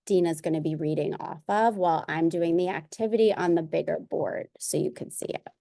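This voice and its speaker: A woman's voice: fairly low pitch, brisk, gravelly, mellow. A woman co-presenting a teacher workshop, casually explaining how to follow along. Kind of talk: explaining a session setup.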